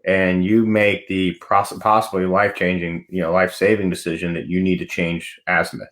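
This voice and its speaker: A man's voice: low voice, little pitch movement, a little fast, fairly bright tone. A man hosting a veterans' podcast interview, speaking in a supportive, reflective and plain-spoken way. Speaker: podcast host. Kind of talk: conversational interview.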